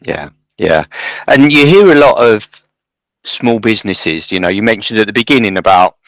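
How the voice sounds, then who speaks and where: A man's voice: fairly low pitch, expressive, moderate pace, fairly bright tone, no room sound, poor audio. A man hosting a podcast, talking in long rambling turns with many restarts. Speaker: podcast host. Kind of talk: casual podcast interview.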